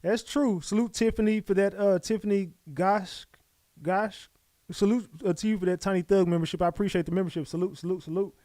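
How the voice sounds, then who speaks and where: Male streamer, slightly high-pitched, loose and casual, keeps repeating his thanks to viewers. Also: fairly even intonation, a little fast, no echo. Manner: loose and chatty, repeats his shout-outs. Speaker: livestream host. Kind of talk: casual livestream chat.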